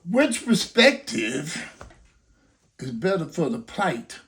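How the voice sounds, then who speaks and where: A man's voice: fairly high pitch, big pitch swings, takes it slowly, a bit bright. An older man making an impassioned, preacher-like appeal, full of rhetorical questions and story scenarios. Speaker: grandfather urging people to vote.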